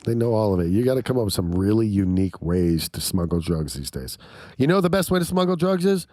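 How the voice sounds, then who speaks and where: A man co-hosting a casual podcast chat, animated and swearing freely as he jumps between topics. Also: on the low side, fast talker, dry recording. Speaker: podcast co-host.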